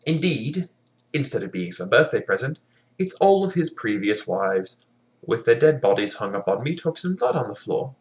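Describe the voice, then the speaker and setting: Sarcastic comic storyteller with a lively, swooping delivery and deadpan asides. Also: medium pitch, moderate pace, lo-fi sound. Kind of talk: comic fairy tale retelling.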